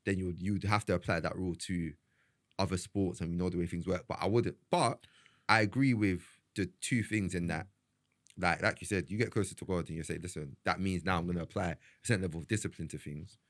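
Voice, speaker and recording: A man's voice: low-pitched, steady tone, fast talker, no echo, clean studio sound. A young man co-hosting a casual podcast chat, often restarting and stammering as he works through his point. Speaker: podcast co-host.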